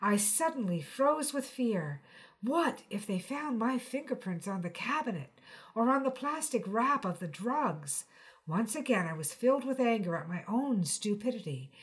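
A woman's voice: medium pitch, very animated. Woman reading a short story aloud. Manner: measured first-person narration. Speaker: reader.

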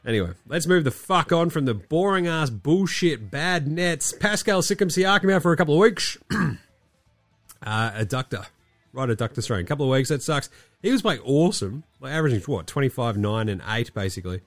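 A man's voice: a little high, very animated, fairly quick, no echo. Sick male podcast host, sweary sarcastic ranter, dry close mic with faint music under. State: sick, coughing. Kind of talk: casual sports chat.

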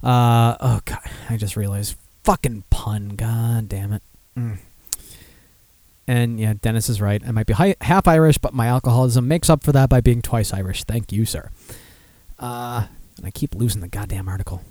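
Brief: male podcast host, mid-pitched, cursing and rambling, dry close mic. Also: moderate pace, a little mellow, no room sound. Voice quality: profane, rambling, self-mocking. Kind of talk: casual podcast chat and news reading.

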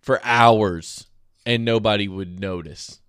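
A man's voice: fairly low pitch, slow pace, smooth, no echo, clean studio sound. A man from South Alabama, chatting casually as a streamer and rambling through stories. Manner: rambling, animated storyteller. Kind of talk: casual chat.

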